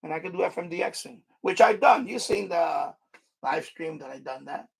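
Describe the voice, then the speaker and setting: Male stream host, husky and gravelly, rambling and restarting sentences, salty asides. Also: fairly high pitch, animated, normal speed. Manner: rambling, frustrated asides and mild swearing; repeats himself and restarts sentences. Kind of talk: casual live stream chat.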